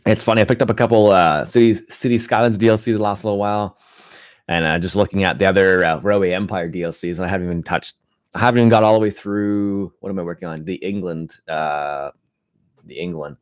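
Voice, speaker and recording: Low-voiced man chatting loosely. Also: fast, dry recording, studio quality. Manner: rambling, relaxed, frequent restarts and fillers. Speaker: gaming channel host. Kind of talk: casual live-stream chat.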